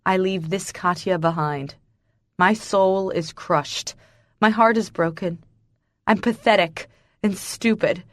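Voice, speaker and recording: A woman narrates a romance audiobook in the first person, telling it with raw, intense emotion. Her delivery is slow and her voice sits on the low side. The recording is close and dry. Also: no echo.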